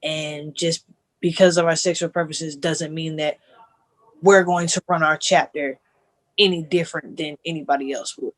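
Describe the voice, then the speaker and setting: Earnest man with a slightly high voice. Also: steady tone, a bit bright. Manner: earnest, halting, many restarts. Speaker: panelist. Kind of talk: panel discussion.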